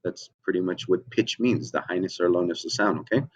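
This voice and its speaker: A man leads a children's music lesson over a computer mic, his speaking voice low and patient. He keeps checking in with his young students after every step. The audio is dull and lo-fi. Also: a little fast, slightly rough. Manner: patient, repeats "okay?" often, checks in with the children. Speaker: music teacher.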